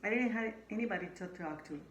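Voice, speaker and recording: Immigrant woman recounting her first jobs, animated, roomy echo, faint hiss behind. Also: medium pitch, fast. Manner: animated, acts out quoted dialogue. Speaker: interviewee. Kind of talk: casual storytelling interview. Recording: echoey room, faint background noise.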